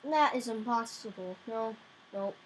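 A young woman giving casual gameplay commentary, excitable, crying out in frustration now and then. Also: fairly high pitch, a little slow, slight background noise, rough recording. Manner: excitable, yelps and cries out in frustration. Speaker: gamer.

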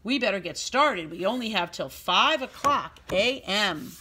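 A bustling little storybook pig who keeps everyone on schedule, as a woman reads him aloud. His voice sits a touch high and bounces around a lot, pushing the others along in quick, excited bursts. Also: a little hiss or hum. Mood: urgent. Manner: hurried, excited exclamations. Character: busy bossy young pig organizer, male.

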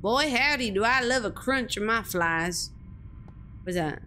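A young woman streams a spooky game with live commentary, her voice sitting a little high. She startles easily, swears without a filter and scolds whatever lurks on screen. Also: animated, a little slow, bright, forceful tone, slight background noise. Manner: jumpy, swears freely, talks back to the game.

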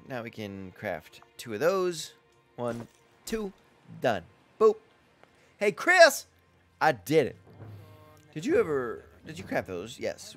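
A man talking his way through a survival game in casual let's-play commentary. His voice swings widely and lively, from quiet muttering to sudden yelps when something startles him. Faint game music plays behind him. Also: mid-range voice. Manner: chatty, talks to himself and to game characters, yelps at scares. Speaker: gamer playing a survival game.

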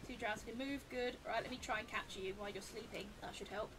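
High-voiced woman streaming a game. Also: quick pace, fairly bright tone, slight background noise. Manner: chatty, talks to the game, flusters into high squeals. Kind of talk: live gameplay commentary.

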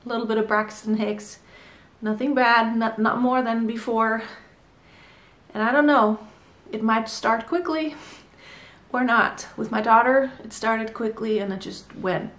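Slightly breathless woman chatting to her camera, higher voice, kinda roomy and far from the mic. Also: steady tone, a little slow, fairly bright tone. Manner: chatty, candid, mildly breathless. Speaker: vlogger. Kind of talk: casual pregnancy update vlog. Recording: echoey room, voice from far off.

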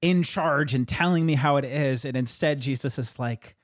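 A man who is a pastor, chatting casually about his sermon as an animated storyteller who laughs often and jumps higher when he quotes people. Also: moderate pace, no room sound, studio quality.

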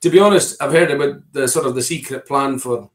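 Middle-aged scottish guy, politician on an interview, rambly, keeps restarting, mid pitch. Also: brisk. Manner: discursive, with frequent restarts and repeated words. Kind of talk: conversational political discussion.

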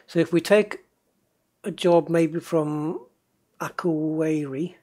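A warm, fairly high-pitched male voice takes its time, keeping a steady tone. The northeast English gaming host, whose accent is faint, chats casually while driving in a truck game, answering viewers and talking to himself.

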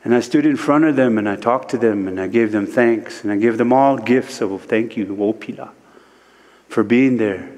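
A man from Standing Rock, a guest speaker at a church service, telling a spiritual story slowly, with many repeated "he said" lines. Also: medium pitch, a little mellow, long reverb tail. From Standing Rock, United States. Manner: slow and repetitive, retelling speech with many "he said".

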